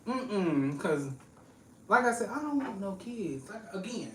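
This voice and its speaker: A woman's voice: medium pitch, sing-song, measured pace, a bit bright, a little hiss or hum. A woman chatting casually as a podcast guest, blunt and joking, laughing often. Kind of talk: casual chat. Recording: echoey room, mic at a distance.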